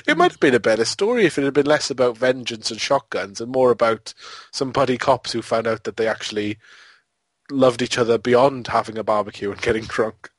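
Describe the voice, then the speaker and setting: A man's voice: medium pitch, animated, a little fast, dry recording. A man co-hosting a podcast, rambling through a film review in a casual, amused way and often breaking into laughter. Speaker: podcast co-host.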